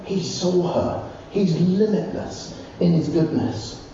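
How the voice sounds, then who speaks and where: A man preaching a sermon, telling Bible stories with animated, rising exclamations. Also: high-pitched, slow pace. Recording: distant, roomy, dull recording with faint noise.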